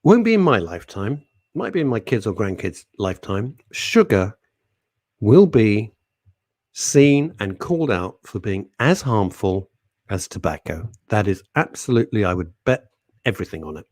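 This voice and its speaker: Animated chatty radio host man. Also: on the low side, unhurried, no echo, studio quality. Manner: chatty, animated, jokey, talks to listeners by name. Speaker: radio talk show host. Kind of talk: casual chat reading listener comments.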